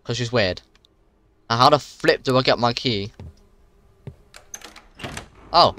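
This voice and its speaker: A young man giving jumpy, excitable commentary while playing a horror game for his viewers. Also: mid-range voice, slow pace, a little hiss or hum. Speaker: gaming channel host.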